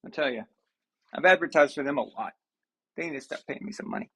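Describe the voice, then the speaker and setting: A man's voice: on the high side, expressive, fast, gravelly, fairly bright tone, slightly rough. A man hosting a sports live stream, chatting casually and ranting with mock outrage to his viewers.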